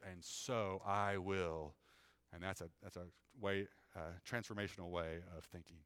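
Guy pastor preaching, chatty, lots of "right?", reads scripture louder and slower, dry sound. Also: fairly low pitch, no room sound. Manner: conversational preaching with frequent "right?" asides. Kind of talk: sermon.

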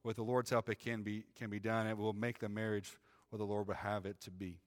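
A man's voice: on the low side, little pitch movement, a little fast, big-room sound. A man preaching a sermon in a church, talking to the congregation in a conversational way and often adding "right?". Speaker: pastor. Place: church sanctuary.

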